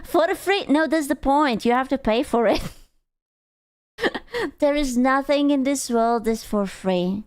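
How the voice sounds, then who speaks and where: High, smooth-voiced woman streamer. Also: measured pace, pauses often, darkish tone. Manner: playful, swears freely, laughs often. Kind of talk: casual live-stream chat with viewers.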